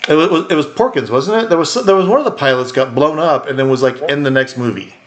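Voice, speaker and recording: A man's voice: fairly high pitch, quick pace. A man co-hosting a podcast in casual chat, rambling and acting out quotes. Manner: rambling, animated, acts out quotes. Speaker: podcast co-host.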